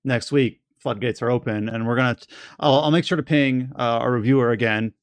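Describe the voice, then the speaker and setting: A man's voice: mid-range voice, a little fast, no echo. Man, podcast host, casual and rambling, dry close mic. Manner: rambling, many restarts, steers the talk.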